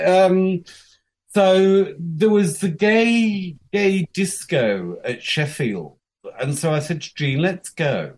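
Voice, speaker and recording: A man's voice: high-pitched, animated, slow pace, a little mellow. A man in his fifties from England, a guest telling candid stories about his life, frank and profane, acting out the quotes of the people in them. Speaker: interview guest. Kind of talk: candid storytelling.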